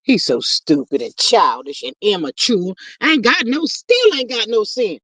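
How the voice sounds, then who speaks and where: A woman with a fairly high, slightly bright voice hosts a casual livestream, reading viewer comments aloud and chatting with her audience. She's very animated but a little slow, chatty, and calls her listeners "child" and "y'all." The sound is dry, with no echo.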